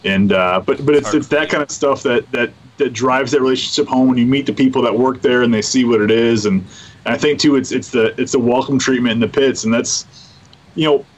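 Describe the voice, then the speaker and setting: Halting man in casual chat, muffled. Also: medium pitch. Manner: halting, repeats words. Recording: slightly muffled audio.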